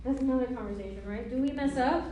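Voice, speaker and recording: High-voiced woman coaching a roomful, very echoey. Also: quick pace, warm tone, lo-fi sound. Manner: playful, laughs often, acts out conversations. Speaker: business trainer. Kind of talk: motivational seminar talk to a live audience. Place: meeting room with an audience. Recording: very echoey room, mic far off, faint hiss.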